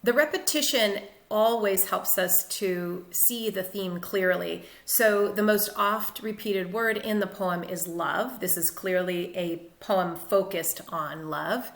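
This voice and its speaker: Woman teacher, bright tone, steady lecture on a poem, recorded in a roomy space. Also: medium pitch, takes it slowly, hardly any pauses. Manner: clear, methodical explanation with occasional fillers. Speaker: literature teacher. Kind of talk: lecture-style poetry analysis.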